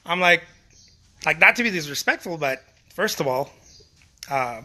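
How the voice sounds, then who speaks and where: A man's voice: on the high side, expressive, normal speed, sharp tone. A middle-aged man giving a casual motivational talk to fellow artists, emphatic and repetitive, often restarting his phrases and swearing casually.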